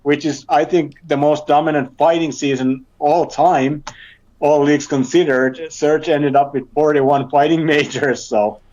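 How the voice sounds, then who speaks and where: A man's voice: fairly high pitch, steady tone, unhurried, a little mellow, dull audio. A man co-hosting a podcast, telling a story casually, stopping and repeating words, laughing between phrases. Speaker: podcast co-host.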